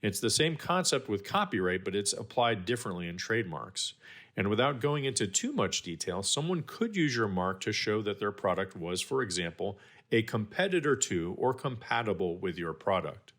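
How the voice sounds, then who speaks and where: A man giving a scripted, measured explainer on trademark law as a guest expert, with the odd dry aside. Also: on the low side, very animated, a bit bright.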